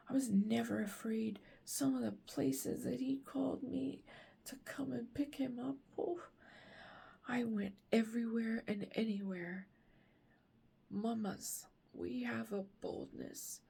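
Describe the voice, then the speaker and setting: A woman speaks at home late at night in a hushed voice that often drops to a whisper. Her tone is deeply gravelly and creaky, and her words come slowly and haltingly as she shares a personal faith reflection as a grieving mother.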